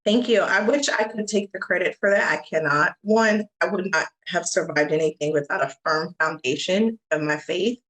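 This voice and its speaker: A woman's voice: on the low side, normal speed, hardly any pauses, fairly bright tone, rough recording. A woman from the USA, a podcast guest telling her own story candidly and earnestly in an interview. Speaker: guest, advocate. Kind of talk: interview recounting personal experience.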